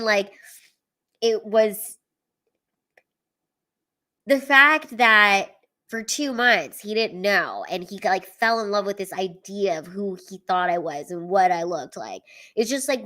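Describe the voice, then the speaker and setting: A woman's voice: medium pitch, fairly bright tone. A woman stand-up comedian telling personal stories at home in a candid, chatty way, filling her talk with "like" and casual swearing. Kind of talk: candid storytelling livestream.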